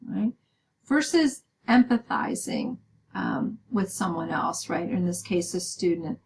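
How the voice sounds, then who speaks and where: A woman's voice: fairly low pitch, normal speed, a little mellow, rough recording. A woman giving a recorded lecture, explaining step by step with many "um"s and "right?" checks. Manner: explaining with frequent "um" and "right?" tag questions.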